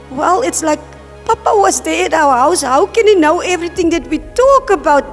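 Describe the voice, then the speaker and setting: A woman with a very high voice tells her vision as a testimony. She speaks in halting, repeated phrases and acts out the words she heard. Her voice carries a long reverb from the hall, with soft music underneath. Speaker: church member giving testimony.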